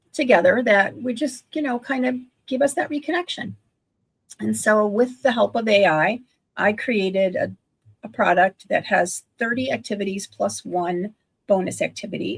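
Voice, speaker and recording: An older woman in her sixties talks in a gravelly voice with a husky edge. She chats eagerly on a video call, piling up restarts and asides as she goes. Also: mid-range voice. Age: 60s. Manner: chatty, self-correcting, enthusiastic. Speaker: guest, online business owner. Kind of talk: casual livestream chat.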